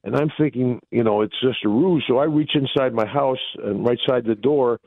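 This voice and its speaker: A man, telling a story as a guest in a phone interview, excitable and booming. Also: moderate pace, no echo. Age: 60s. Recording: tinny phone line.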